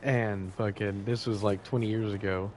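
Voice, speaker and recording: Low-voiced man rambling a crude story. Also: steady tone, normal speed, a little mellow, slight background noise. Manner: rambling, profane, loses his thread. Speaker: podcast co-host. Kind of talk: casual storytelling.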